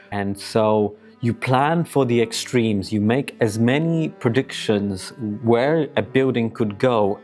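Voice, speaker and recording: A man's voice: medium pitch, darkish tone. Reflective man explaining ideas. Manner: reflective, thinking aloud with restarts. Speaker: video essay host. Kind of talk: explanatory video essay.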